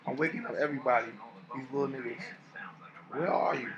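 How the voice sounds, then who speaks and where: Gravelly rowdy man filming a wake-up prank. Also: mid-range voice, a little fast, dull audio, noisy background. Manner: rowdy, taunting, repeats himself, swings between shouting and muttering. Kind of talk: loud profane teasing vlog. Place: apartment indoors. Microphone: handheld phone camera.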